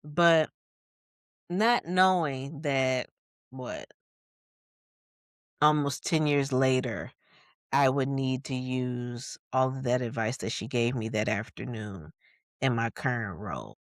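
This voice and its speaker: A podcast co-host from Michigan telling a personal story in a reflective way, with many fillers and quick bursts of narration. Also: mid-range voice, no room sound, studio quality.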